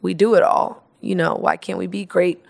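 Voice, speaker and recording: A creaky, fairly low female voice at a moderate pace belongs to an interview guest chatting casually. She's an animated storyteller who laughs often and acts out the lines she quotes.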